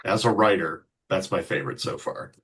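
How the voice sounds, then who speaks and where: A man playing in a tabletop game, joking loudly with the table. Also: low voice, normal speed, a little hiss or hum. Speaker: player. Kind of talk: casual table chat.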